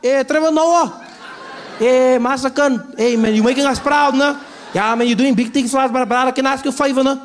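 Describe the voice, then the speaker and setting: A man putting on an eager, overfamiliar male fan, loud and drawn out. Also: very high-pitched, steady tone, some chatter behind, a little hiss or hum, pitched above the performer's own voice. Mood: pleading. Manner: loud, wheedling, drawn-out words.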